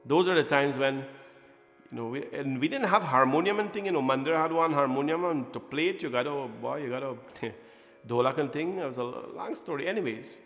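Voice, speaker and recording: A man's voice: mid-range voice, a bit bright. A man in his forties, a temple priest, telling a childhood story at a prayer gathering, joking, laughing and acting out voices. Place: temple hall. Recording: echoey hall, faint music behind.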